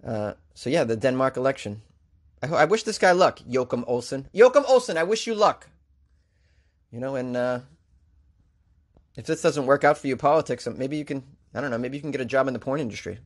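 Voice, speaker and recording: A man's voice: mid-range voice, brisk. A man with a Boston accent, a comedian hosting a comic news show with wry, joking asides. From Boston area.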